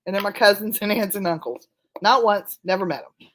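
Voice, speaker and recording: A middle-aged guest in a casual chat, telling personal family stories in a candid, wry way and swearing now and then. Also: female voice, medium pitch, fairly quick, fairly bright tone, slight background noise.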